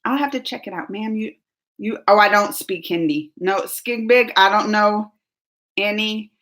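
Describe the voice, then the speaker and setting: A woman's voice: mid-range voice, a little slow, fairly bright tone. A woman from New Orleans with a Southern accent, chatting casually and giggling as she reads viewer comments on her live stream. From New Orleans, Louisiana, US. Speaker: YouTube host.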